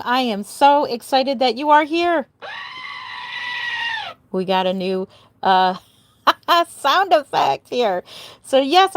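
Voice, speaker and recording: An older woman who makes dolls chats casually on a live stream, greeting viewers by name in a bubbly, giggly way. Her voice is high, with no room sound.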